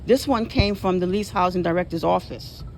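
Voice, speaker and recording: Her voice fairly low and a little mellow, a weary woman with a cane speaks at a moderate pace while vlogging outside her public housing on a handheld phone. She keeps restating her grievances with indignation, and the low-quality recording picks up slight background noise.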